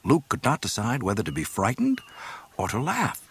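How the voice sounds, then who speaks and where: A man reading a story aloud in an expressive, dramatic narration. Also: medium pitch, normal speed, slightly rough. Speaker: audiobook reader.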